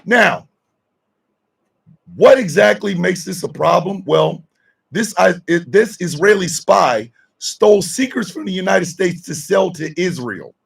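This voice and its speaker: A man hosting a radio show, shouting and mocking in loud comedic commentary. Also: high voice, a little slow, gravelly, slightly rough. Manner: shouting, mocking, excitable riffing.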